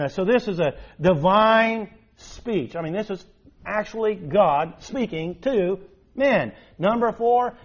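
Man, high voice, preaching a sermon, animated rhetorical questions, dull muffled recording.

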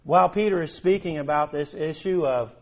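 A man preaching a sermon in an animated way, with emphatic rises and rhetorical questions. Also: fairly high pitch, a little fast. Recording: dull lo-fi recording.

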